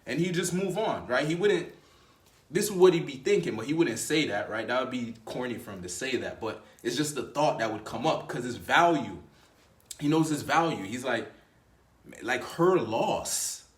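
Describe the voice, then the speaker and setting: A dating coach with a medium-pitched, expressive voice speaks at a moderate pace, the room audible around him. Addressing the camera casually, he's emphatic and full of slang, frequently repeating himself and restarting phrases.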